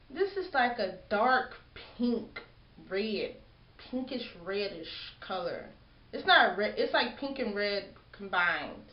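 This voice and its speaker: A young woman chatting casually in a hair vlog, telling a story and acting out what people said. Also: medium pitch. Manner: chatty storytelling, acts out quotes. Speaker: hair vlogger. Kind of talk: casual chat. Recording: roomy lo-fi home video.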